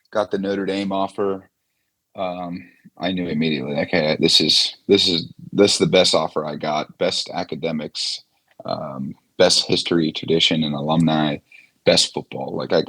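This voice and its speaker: A man in his twenties, a former quarterback, telling stories as a guest in a casual interview, relaxed with many fillers. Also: low voice, slightly rough.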